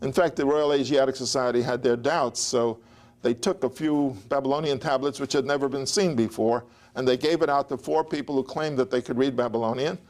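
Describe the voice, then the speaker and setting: A man's voice: mid-range voice, fairly even intonation, brisk, darkish tone. A man lecturing on ancient history in a digressive, anecdotal way, with chuckles and restarts. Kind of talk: academic lecture.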